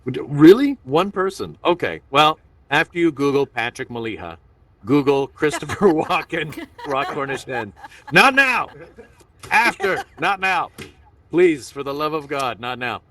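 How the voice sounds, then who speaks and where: A man's voice: on the high side, sing-song, unhurried, fairly bright tone, distant mic. A man doing a playful, rambling stand-up set streamed online. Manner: rambling, self-interrupting, playful. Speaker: stand-up comedian.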